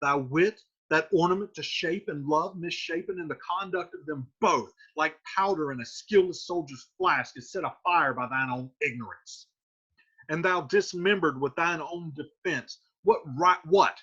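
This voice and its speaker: Stern older friar, declamatory and scolding, read by a man, husky and a bit high, dull lo-fi recording. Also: moderate pace, pushed and bright. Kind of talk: dramatic reading of a play.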